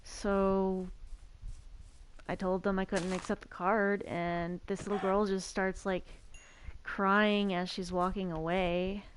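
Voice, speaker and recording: A woman's voice: mid-range voice, level tone, slow, slight background noise. A young woman streaming, chatting casually as she plays a survival game, telling a rambling story full of stammered restarts. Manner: rambling storyteller who stammers and repeats words. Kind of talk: casual chat while playing a survival game.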